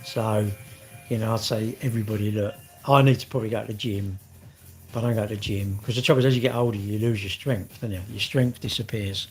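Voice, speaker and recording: A man's voice: on the low side, steady tone, fast talker, soft background music. A middle-aged man, rambling in casual vlog chat, swearing and joking. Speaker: vlogger.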